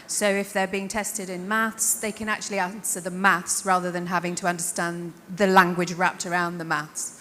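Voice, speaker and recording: A woman's voice: lowish voice, flat delivery, moderate pace, few pauses, pushed and bright. A woman with a northern English accent talks earnestly and thoughtfully on a conference panel. Her voice carries a long reverb from the hall, with faint hiss underneath. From north of England. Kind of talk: panel discussion.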